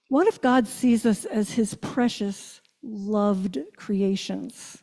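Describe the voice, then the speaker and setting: An older woman minister giving a reflective sermon, asking her listeners questions and slowing down on key phrases. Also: on the high side, dark tone. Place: church sanctuary. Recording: long church reverb.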